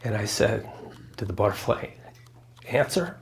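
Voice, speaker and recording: An earnest man telling a personal story to an audience, his voice sitting a bit low. He acts out the back-and-forth of a conversation and asks his listeners questions. At moments he sounds close to tears. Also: animated, unhurried, vocal fry, slight background noise. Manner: earnest, quoting dialogue, addresses audience with questions. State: choked up, near tears. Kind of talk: storytelling talk with a spiritual message.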